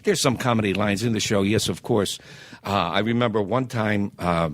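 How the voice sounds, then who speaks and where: Older man rambling with deep voice. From South Philadelphia, USA. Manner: rambling, halting, many fillers, laughs while telling stories. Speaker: guest entertainer. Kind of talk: casual storytelling interview.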